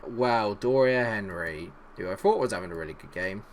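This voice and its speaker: Brief: male gaming YouTuber, animated and jokey, talks to players on screen, very expressive pitch. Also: moderate pace, slight background noise. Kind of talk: let's-play commentary.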